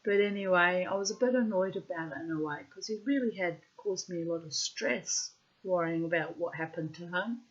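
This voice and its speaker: This is a middle-aged woman with a fairly low voice. She spins a personal yarn bluntly, swearing freely and loudly acting out every quoted line. The recording is dull and lo-fi. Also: normal speed. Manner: animated, acts out quotes loudly. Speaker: storyteller. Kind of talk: personal anecdote monologue. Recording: muffled lo-fi recording.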